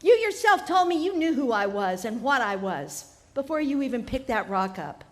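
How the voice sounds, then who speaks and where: A woman's voice: on the high side, very animated, normal speed. A woman voicing a sly, lying male snake in a told story, coaxing and smug. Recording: live festival tent with long reverb.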